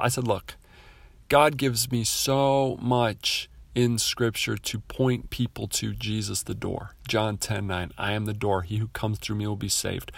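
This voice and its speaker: A man's voice: on the low side, flat delivery, unhurried, gravelly, no echo. A man telling a faith testimony to his listeners in an earnest, heartfelt way, speaking to them directly as friends. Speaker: Christian speaker. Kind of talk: testimony storytelling to an audience.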